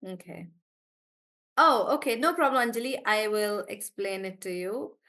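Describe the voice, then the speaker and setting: A woman's voice: mid-range voice, lively intonation, pushed and bright. A woman teaching pronunciation in a live online class over a video call, praising students and stretching words out syllable by syllable. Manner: encouraging, draws out syllables slowly when modeling words.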